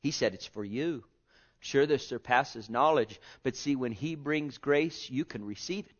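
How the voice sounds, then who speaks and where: Slow booming-then-hushed preacher man. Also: expressive. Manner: swings from booming to hushed, draws out words. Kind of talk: sermon. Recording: dull lo-fi sermon recording.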